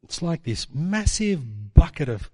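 A man's voice: on the high side, big pitch swings, a little slow, warm tone, husky. A man preaching a sermon, telling stories and asking rhetorical questions. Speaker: pastor.

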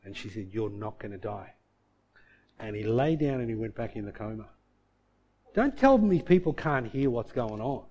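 Aussie pastor telling a story in a sermon, mellow dark voice, bit high, loud then hushed. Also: male voice, dull audio. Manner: storytelling, swinging from loud bursts to hushed tones.

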